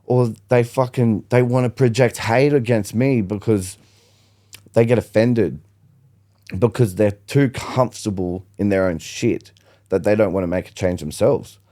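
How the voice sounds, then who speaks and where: A man's voice: lowish voice, steady tone, unhurried, warm tone. A young man, a podcast guest, telling his story bluntly and with lots of swearing in casual chat.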